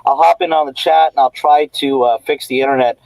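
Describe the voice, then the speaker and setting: A man's voice: mid-range voice, fairly even intonation, a little fast, creaky, a little mellow, no room sound, rough recording. A man joining a live stream as a guest, apologetic and hesitant, with many fillers. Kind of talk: casual live-stream chat. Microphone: laptop over a slow hotspot.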